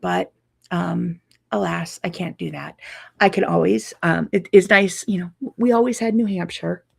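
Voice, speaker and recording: A woman's voice: on the low side, fairly even intonation, moderate pace, vocal fry, husky. A woman who teaches quilting, chatting casually to viewers in a live update, tired and yawning from lack of sleep.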